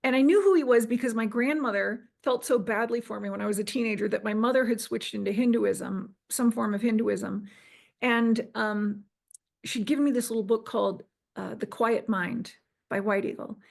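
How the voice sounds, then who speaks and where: Middle-aged woman guest, higher voice with a gravelly fry, recounting her experience earnestly. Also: normal speed, a little mellow. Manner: earnest, restarts and quotes herself. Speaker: interview guest. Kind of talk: personal storytelling.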